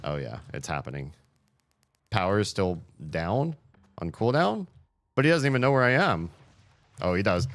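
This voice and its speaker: Deep-voiced man narrating his gameplay. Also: moderate pace, pauses often. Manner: excitable, jokey, reads in-game emails aloud. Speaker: gaming streamer. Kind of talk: let's play commentary.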